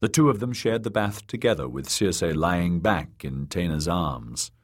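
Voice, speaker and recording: A man narrating an audiobook in a measured, dramatic reading. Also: deep voice, animated.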